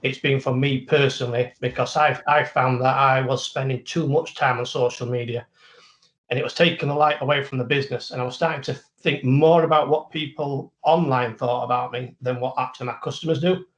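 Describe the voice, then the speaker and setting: Yorkshire bloke chatting on a podcast, thoughtful and down to earth. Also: male voice, mid-range voice, fairly even intonation, fairly quick. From Yorkshire, England. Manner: reflective, plain-spoken. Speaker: guest plumber. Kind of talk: casual podcast chat.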